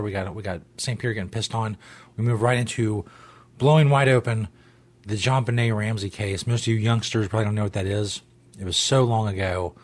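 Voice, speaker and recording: A male host chatting casually on his comedy show, wry and laid-back, with the odd swear. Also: on the low side.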